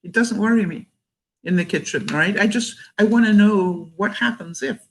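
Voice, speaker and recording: A woman's voice: medium pitch, normal speed, rough recording. Chatty older woman vlogger. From Canada. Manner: chatty and warm, laughs often, restarts sentences. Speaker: vlogger reading live chat. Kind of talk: casual live-stream chat.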